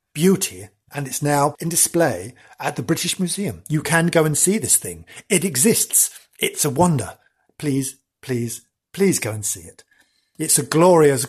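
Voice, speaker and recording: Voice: mid-range voice, slightly rough. A podcast host telling local history as comic stories, with theatrical gasps and words repeated for effect.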